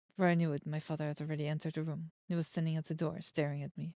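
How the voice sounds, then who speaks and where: A young woman streamer reading a story game aloud, steady in the narration and breaking into excited outbursts. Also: deep voice, rapid-fire, no room sound, studio quality. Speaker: virtual streamer. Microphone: streaming mic. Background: soft game music.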